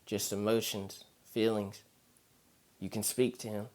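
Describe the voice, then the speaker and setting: A man voicing a short woman medium who explains a spirit's feelings in a calm, measured, somber way. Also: fairly low pitch, natural voice.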